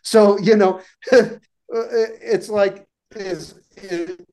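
A man, an author guest on a podcast, talking casually in halting speech with many restarts and repeated words. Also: high-pitched, fairly even intonation, darkish tone. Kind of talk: casual interview talk.

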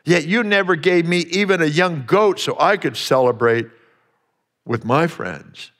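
A man's voice: a little high, unhurried, a bit bright, big-room sound. A man voicing a resentful older brother who complains indignantly that he has slaved for years.

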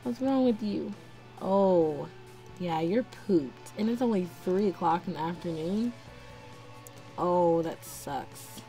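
A woman's voice: mid-range voice, mellow. A young woman giving casual let's-play commentary, chatting to her game characters as she plays. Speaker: gameplay narrator. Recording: faint game music behind.

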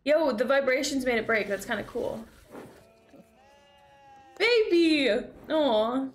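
Excitable young woman streamer, high voice. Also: a little hiss or hum. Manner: excitable, swears freely, quick exclamations. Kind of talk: casual chat reacting to videos.

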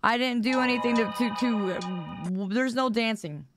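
A woman streamer, slightly hoarse, chatting casually and teasing her viewers, often stammering and repeating words. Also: fairly high pitch, moderate pace. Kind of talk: casual live-stream chat. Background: background music.

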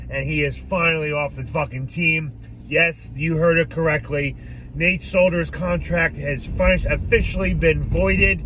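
A man's voice: a little high, fairly bright tone, a little hiss or hum. A man ranting angrily and profanely on a fan vlog, recorded on a phone in a car. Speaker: sports fan vlogger.

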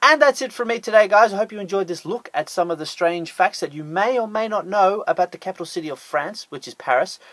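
A man's voice: high voice, animated, fast, few pauses, fairly bright tone, no room sound. An Australian man narrating a scripted top-ten list with sarcastic, jokey asides.

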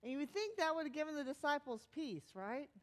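A woman pastor giving a sermon in a conversational, animated way, sometimes dropping to a hushed, soft tone. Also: high voice, fairly quick.

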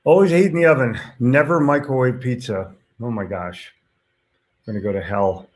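A male host with a voice of ordinary pitch, chatting casually on a live stream. He reads viewer comments aloud and reacts bluntly, dropping in the odd swear word. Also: moderate pace.

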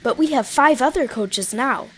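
A woman's voice: high voice, moderate pace, breathy edge, voice pushed up. A woman voicing a cheerful young male engine, talking in an eager, chatty way.

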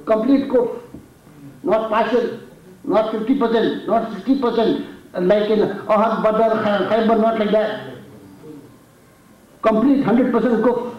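In a mosque hall, a man with an Indian accent delivers a sermon, his high voice unhurried and full of pauses as he tells a story dramatically, getting louder for the challenges. The recording is dull and echoey, picked up by a distant mic.

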